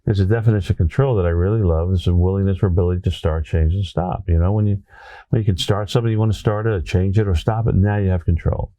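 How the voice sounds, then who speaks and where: Low-voiced and quick, a Brooklyn-accented former teacher shares a classroom tale as an interview guest. He's an animated storyteller who keeps asking "right?", and there's no room sound.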